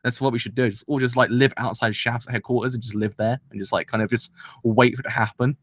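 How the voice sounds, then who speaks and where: A young man casually reviewing an anime episode, rambling and excitable, with many restarts. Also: mid-range voice, quick pace, dry recording, clean studio sound.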